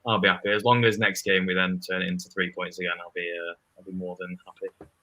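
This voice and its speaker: A man with an English accent, a guest fan giving his match opinions in halting speech with many restarts. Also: sits low, little pitch movement, pushed and bright, slight background noise, low-quality recording. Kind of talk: casual football fan chat.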